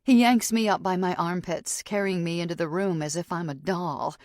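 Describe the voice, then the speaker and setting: A woman's voice: fairly low pitch, fairly even intonation, moderate pace, darkish tone, no echo, clean studio sound. A woman reading a psychological thriller audiobook in the first person, with tense, suspenseful storytelling. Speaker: audiobook narrator.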